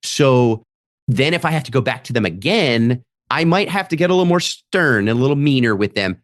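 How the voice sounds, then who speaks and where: Male comedian, podcast guest, lively up-and-down delivery, slips into quick character voices for quotes. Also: mid-range voice, dry recording, studio quality. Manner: animated, acts out audience members' voices in quotes. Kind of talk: casual podcast storytelling.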